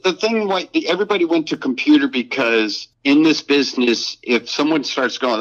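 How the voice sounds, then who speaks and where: Lively older-sounding animator telling stories, lo-fi. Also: male voice, mid-range voice. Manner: animated storyteller, quick restarts and repeats. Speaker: animator guest. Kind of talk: casual interview chat. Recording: dull lo-fi sound.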